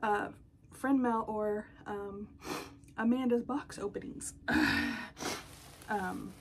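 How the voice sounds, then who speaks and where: A woman hosting a casual unboxing vlog at home, gushing and excitable as she talks to her viewers. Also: medium pitch, slow pace, a little hiss or hum. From United States. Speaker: doll collecting channel host.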